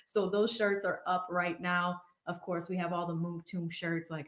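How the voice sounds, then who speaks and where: A woman's voice: lowish voice, fairly even intonation, unhurried, hardly any pauses. A woman in her thirties with a Boston accent, hosting a casual, chatty commentary stream. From Boston area. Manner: chatty, conversational, full of fillers. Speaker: legal commentary host. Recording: roomy echo.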